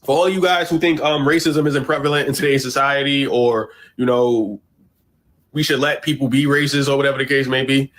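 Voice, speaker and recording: A man giving animated, mocking commentary on a social media clip. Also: mid-range voice, fairly quick.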